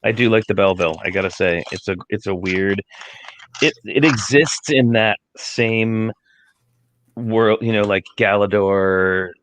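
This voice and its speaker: Low-voiced guy rambling on a stream call, lots of likes and ums, bit of hiss. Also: unhurried, a bit bright. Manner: rambling, filler-heavy, laughing. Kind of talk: casual livestream chat. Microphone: video call.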